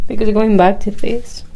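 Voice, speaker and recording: A woman's voice: medium pitch, mellow, poor audio. A young woman hosting a solo podcast, chatting casually and rambling, laughing often and restarting her sentences. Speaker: podcast host.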